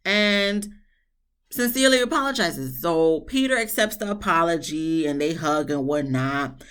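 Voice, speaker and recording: A woman casually recapping a TV episode, chatty and animated, with sarcastic asides. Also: a little slow, clean tone. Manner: chatty, animated, mock-quotes people with big pitch swings. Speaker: TV show reviewer.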